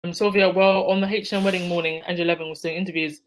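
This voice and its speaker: A woman's voice: fairly low pitch, fairly even intonation, rapid-fire, rough recording. A woman hosting a casual live stream, reading out viewer comments and answering them by name, laughing often. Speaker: livestream host reading chat.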